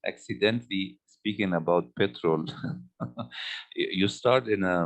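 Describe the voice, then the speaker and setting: Deep-voiced film critic from egypt, halting questions, repeats himself. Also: male voice, gravelly. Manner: halting, repeats words as he starts sentences. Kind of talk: interview questions.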